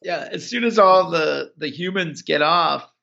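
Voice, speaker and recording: Casual male podcaster, raspy edge and sharp bright tone, loose rambling delivery. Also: fairly high pitch, unhurried, muffled recording, a little hiss or hum. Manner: rambling, many "like"s, acts out characters. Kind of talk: casual podcast recap chat.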